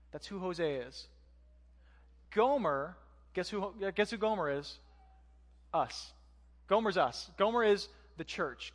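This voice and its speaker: A man's voice: high voice, in a large hall. A man giving a conversational sermon as pastor, using joking asides and rhetorical questions.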